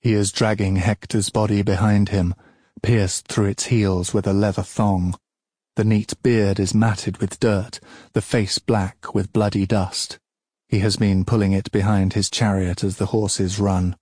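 Brief: male audiobook narrator, low husky voice, solemn and measured. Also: level tone, mellow, no echo, clean studio sound.

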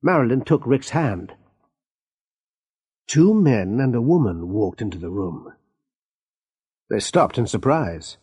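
Man narrating a storybook, husky, lively intonation, measured. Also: medium pitch. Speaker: audiobook narrator. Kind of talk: graded reader narration.

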